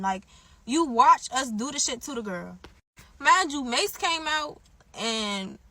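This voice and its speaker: A young woman telling a story in a casual, animated way, profane and swinging from loud bursts to low asides. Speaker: storyteller in a clip.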